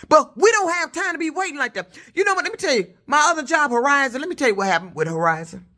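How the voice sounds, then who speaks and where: A truck driver woman rants in a loud, high voice. She tells her story with heat and plenty of cussing. Her tone is bright and forceful. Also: expressive, quick pace. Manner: loud, heated, profane storytelling. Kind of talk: casual vlog rant.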